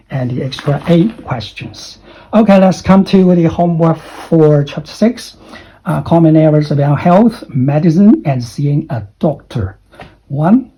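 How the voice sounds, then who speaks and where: A man with a husky voice teaches an English lesson, his pitch swinging widely as he spells out words and checks in with "okay?". The sound is dull and lo-fi, like a modest home recording. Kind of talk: explaining errors in an online English lesson.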